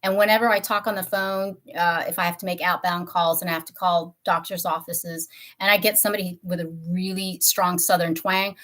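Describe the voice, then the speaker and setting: A woman's voice: lowish voice, fairly even intonation, normal speed, fairly bright tone. A woman in her fifties who grew up in Tennessee, hosting a casual beauty livestream and chatting in a rambling way, often correcting herself mid-sentence. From Tennessee, USA. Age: 50s. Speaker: beauty channel host.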